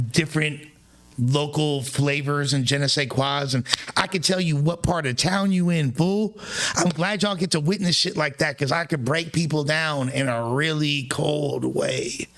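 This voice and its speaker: Slangy man bantering on a stream. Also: a bit bright. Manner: loose slang-heavy banter, swings pitch up for emphasis. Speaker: streamer host. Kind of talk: casual chat with callers.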